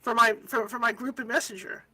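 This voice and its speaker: Bright, sharp woman host, casual livestream, step-by-step explanation. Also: fairly high pitch, steady tone, a little fast, poor audio.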